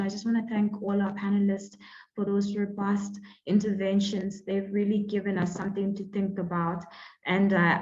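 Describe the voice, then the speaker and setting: A woman moderating an online panel discussion, chatty with many fillers and friendly invitations to the audience. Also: mid-range voice. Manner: chatty, many fillers, warm welcoming phrasing. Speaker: webinar moderator. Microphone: video call. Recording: dull lo-fi video call audio.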